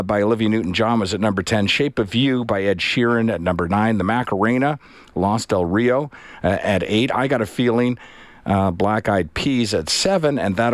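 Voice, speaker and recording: A middle-aged man hosting an afternoon radio talk show, chatting in a relaxed, rambling way with many pauses. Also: lowish voice, no echo. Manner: relaxed, rambling, frequent uhs. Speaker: radio host.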